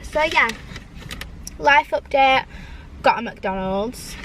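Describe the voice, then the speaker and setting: A woman's voice: sits high, expressive, takes it slowly, fairly bright tone, a little hiss or hum, rough recording. A young woman chatting casually in her parked car, rambling with lots of "like"s. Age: young adult. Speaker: vlogger. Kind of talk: casual chat.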